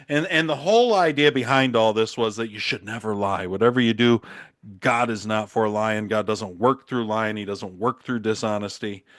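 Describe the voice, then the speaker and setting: A man's voice: medium pitch, a bit bright, dry recording, clean studio sound. A man hosting a podcast, giving casual, opinionated Bible commentary with frequent restarts and chuckles. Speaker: podcast host.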